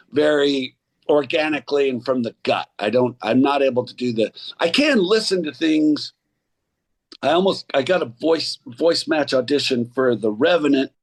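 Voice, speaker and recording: A middle-aged actor and acting coach chatting casually as a podcast guest, rambling and restarting as he tells stories. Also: medium pitch. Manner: rambling, restarts often, animated storyteller.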